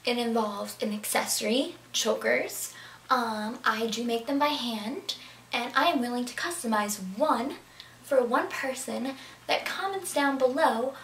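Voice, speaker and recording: A woman's voice: fairly high pitch, fairly bright tone. A young woman chatting about her clothing haul in a bubbly way, sometimes dropping to a whisper for asides. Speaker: fashion vlogger. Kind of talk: casual clothing haul talk. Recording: echoey room, camera at a distance, faint background noise.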